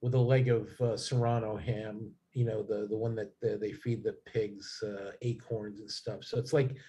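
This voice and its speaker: A man's voice: on the low side, level tone, normal speed, warm tone. A man talking as a guest in a casual chat, rambling with many fillers and restarts.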